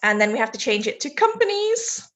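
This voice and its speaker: British female tutor, high-pitched and chatty, live online essay feedback. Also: very animated, a little fast, a bit bright. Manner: chatty, laughs easily, reads chat aloud mid-sentence. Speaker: IELTS teacher.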